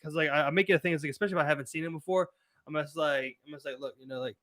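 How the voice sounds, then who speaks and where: A man's voice: fairly high pitch, very fast, fairly bright tone, poor audio. A man with a Baltimore accent on a casual podcast, rambling on with lots of filler words. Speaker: podcast co-host. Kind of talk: casual chat.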